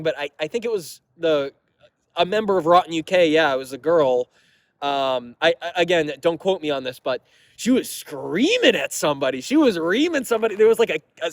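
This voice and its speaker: A young man from Massachusetts rambles through a story for his channel, swearing freely and breaking off into asides. His voice sits fairly high, and the sound is dry and close. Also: animated, dry recording. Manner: rambling, profane, laughing, quick asides. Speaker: metal vlogger. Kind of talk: casual storytelling to camera.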